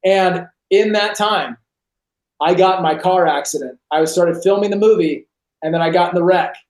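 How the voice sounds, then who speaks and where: High-voiced man telling an animated story. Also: normal speed. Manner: animated, acts out quoted voices. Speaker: podcast guest. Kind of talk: storytelling testimony. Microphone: video call. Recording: roomy echo on a video call.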